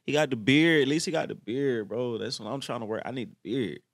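A man giving slangy, reflective casual reaction commentary, often clearing his throat. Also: medium pitch, a little fast, no room sound, clean studio sound.

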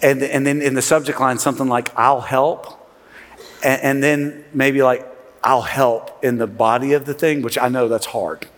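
A middle-aged man, a pastor, preaching a sermon in a conversational, animated way with sarcastic asides and frequent restarts. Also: mid-range voice, a little fast, hardly any pauses. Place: large church sanctuary. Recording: long reverb of a large church hall.

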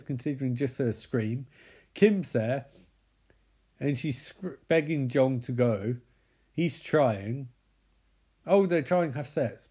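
A man's voice: mid-range voice, warm tone, slightly rough. A man sarcastically recapping and mocking a horror movie.

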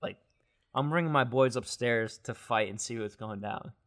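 A man's voice: mid-range voice, normal speed, a bit bright. A young man in his twenties, a podcast co-host, chatting casually and steering the talk to new topics. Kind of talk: casual chat.

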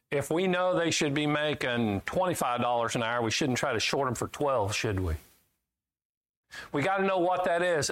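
A middle-aged man delivers a folksy, emphatic sermon, swinging between loud high points and quieter asides.

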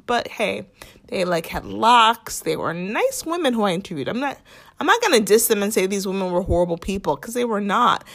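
A woman's voice: mid-range voice, big pitch swings, a little fast, creaky, a bit bright. A young woman hosting a casual commentary podcast, chatty and sarcastic, full of "like" and mock quotes of others. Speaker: podcast host.

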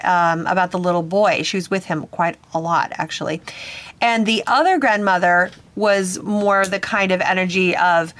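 A woman's voice: mid-range voice, a bit bright, no echo. A woman hosting a podcast as a psychic medium, telling a personal story in an earnest, slightly hesitant way.

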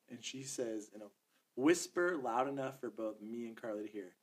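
A man in his thirties co-hosting a podcast, telling a story in casual chat, profane and animated, acting out quotes. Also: medium pitch, moderate pace. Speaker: podcast co-host.

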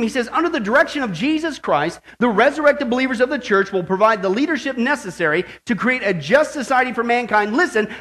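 A male pastor preaching with fervent energy, his voice strikingly high for a man. The tone is bright and forceful, and he swings from hushed confiding asides to shouted hallelujahs. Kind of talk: sermon.

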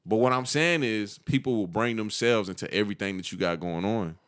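A young man chatting on a casual podcast in a slightly low voice. He tells his stories in loose slang and acts out the lines of the people in them. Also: brisk. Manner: animated, slangy storytelling with acted-out quotes. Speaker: podcast co-host.

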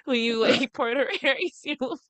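A woman's voice: high-pitched, fairly even intonation, quick pace, fairly bright tone, dry recording. A woman co-hosting a casual gossip podcast, mocking and profane, laughing often. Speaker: podcast co-host.

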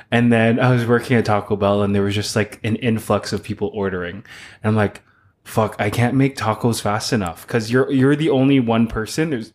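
A man's voice: fairly low pitch, a little mellow. A young man, chatting casually on a podcast and telling a work story with frequent laughs and swearing. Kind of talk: casual chat.

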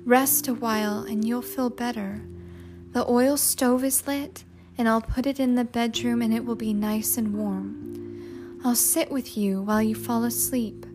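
Woman narrator doing a tender mother, coaxing and soft, storybook with music. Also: on the high side, fairly even intonation, unhurried, natural voice. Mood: soothing. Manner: soothing, coaxing. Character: gentle, patient wife and mother.

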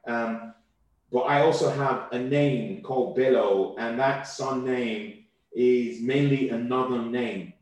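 A man from Nigeria, a comedian speaking as a guest in a casual interview, quick and animated, often repeating words as he thinks. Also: medium pitch. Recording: very echoey room.

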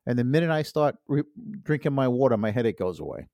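A man's voice: mid-range voice, animated, quick pace, warm tone, no echo, clean studio sound. A man co-hosting a comedy podcast, trading jokes with sly innuendo and mock offense. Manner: wisecracking, innuendo-prone, playfully mock-offended. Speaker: podcast co-host. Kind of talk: joking banter.

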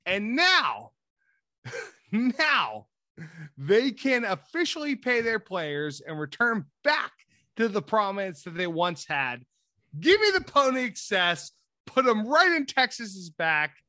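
A man with a bright, fairly high voice talks college football on a podcast. He is casual and profane, dropping into mumbled asides and then bursting into excited pitches. The sound is dry and close. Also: slow pace, dry recording. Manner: animated, profane, swings from mumbling asides to loud hype. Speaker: podcast co-host. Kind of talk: casual sports podcast chat.

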